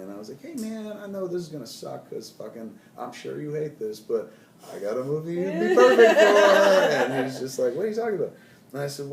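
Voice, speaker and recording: A man's voice: on the low side, mellow, slight background noise. A man in his forties, a filmmaker, giving rambling, laid-back and profane interview answers. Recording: roomy, mic at a distance.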